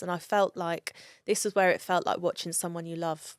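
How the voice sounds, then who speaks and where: A woman's voice: fairly low pitch, steady tone, normal speed, few pauses, clean tone, dry recording, clean studio sound. A woman telling a personal story in an interview, candid and emotional and swearing freely. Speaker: guest.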